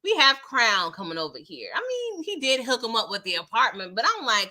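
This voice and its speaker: A woman doing a casual live recap, chatty and animated, who laughs often and keeps checking in with "okay?". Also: a little high, brisk. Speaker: TV show recapper.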